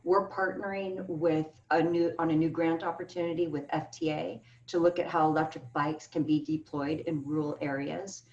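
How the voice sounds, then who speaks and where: A woman's voice: low voice, steady tone, normal speed, few pauses, darkish tone. A woman speaking as a keynote speaker, answering panel questions earnestly and with emphasis over a video call. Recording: echoey, distant, dull video call audio.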